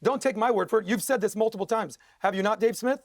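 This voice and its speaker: A man's voice: sits high, fast talker, dry recording, studio quality. A man arguing as a guest in a heated TV debate, combative and sarcastic.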